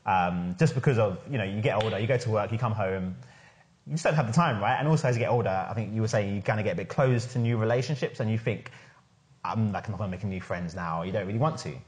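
A man's voice: on the low side, fast. A man hosting a casual podcast discussion, talking enthusiastically in a chatty way with lots of "like". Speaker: podcast host and founder.

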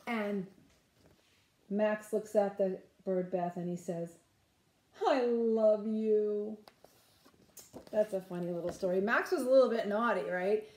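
With a mid-range voice in an echoey room, a woman who teaches nursery school reads a picture book aloud and animatedly quizzes the children.

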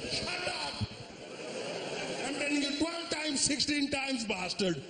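A man's voice: big pitch swings, slow pace, gravelly, exaggerated voice. A man doing a barking Indian uncle. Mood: angry. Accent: Indian English, put on. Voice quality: high, barking, repeats insults. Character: cranky shouting older Indian uncle, man. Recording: echoey live venue, loud room noise.

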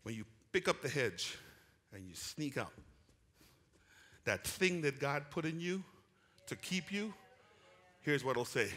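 A male pastor preaching a lively sermon, calling out to the congregation and swinging from quiet asides to loud shouts. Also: mid-range voice, measured pace, long pauses, long reverb tail. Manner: animated preaching with call-and-response, rising to shouts. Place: church sanctuary.

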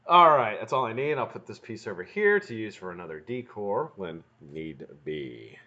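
A man's voice: fairly low pitch, sing-song, moderate pace, sharp tone. Profane rambling man on a lo-fi stream. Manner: rambling, profane, joking asides to chat. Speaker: livestream host building vape coils. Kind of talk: casual live-stream chat while working. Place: home workshop room. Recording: dull lo-fi stream audio.

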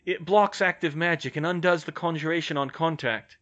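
A man voicing a steady adult curse breaker who explains things calmly and protectively in an audiobook. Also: on the high side, a little fast, dull audio, voice pushed up, natural voice. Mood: reporting. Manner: level-headed, explaining. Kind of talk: audiobook character voice.

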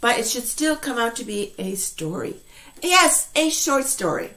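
A woman teacher giving an online class to English learners, speaking slowly and clearly in an encouraging way. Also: on the high side, big pitch swings, sharp tone. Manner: slow, clearly enunciated, encouraging.

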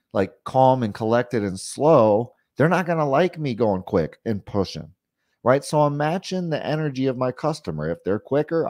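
A man's voice: medium pitch, no room sound, clean studio sound. A man giving a casual sales training talk, often asking "right?" and acting out questions to customers. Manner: conversational, frequent "you know" and "right?" asides; acts out pushy and calm sales questions.

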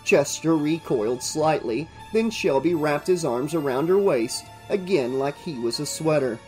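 A channel host reading a horror novel aloud in steady audiobook narration. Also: medium pitch, measured pace, faint music behind. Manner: steady storytelling read.

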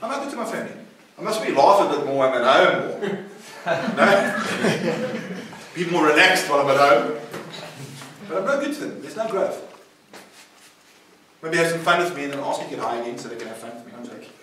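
High-voiced pastor preaching in an echoey hall. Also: male voice, animated, moderate pace, pauses often, noisy background. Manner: laughing, asks the room rhetorical questions. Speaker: pastor teaching at a recovery centre. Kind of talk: informal preaching to a group. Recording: echoey room, voice from far off the mic.

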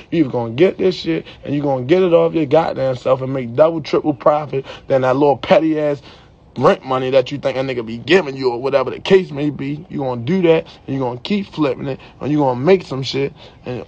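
Young guy ranting mad to his phone, fairly high gravelly voice, keeps saying yo. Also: a little mellow, highs cut off. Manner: profane, heated, repeats "yo" at line ends. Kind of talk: angry rant to camera.

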